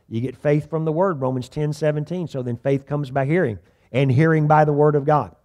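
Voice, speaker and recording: A man preaching a sermon as pastor, telling a story dramatically with sudden shifts between loud bursts and quiet asides, and asking the congregation questions. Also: a little high. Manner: repeats words when starting sentences; addresses the congregation directly with questions.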